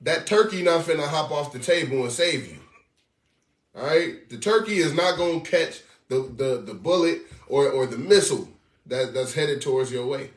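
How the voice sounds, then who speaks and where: Street preacher, male, animated and slangy, fairly high voice, recorded far off in an echoey room. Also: normal speed. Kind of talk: sermon commentary on scripture.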